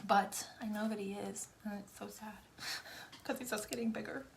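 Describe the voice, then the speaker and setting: A young woman rambles to her viewers while she does her makeup, venting and chatting with plenty of fillers. Her voice sits at an ordinary middle pitch. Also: steady tone, normal speed, vocal fry, slight background noise. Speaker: makeup vlogger. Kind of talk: casual chatty livestream.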